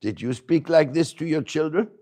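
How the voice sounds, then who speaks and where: A man's voice: fairly high pitch, normal speed, warm tone. A man teaching a spiritual lesson to a live group in a room. He questions his listeners, jokes, and stresses key words. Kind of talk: devotional lecture to a live group. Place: room with a small audience.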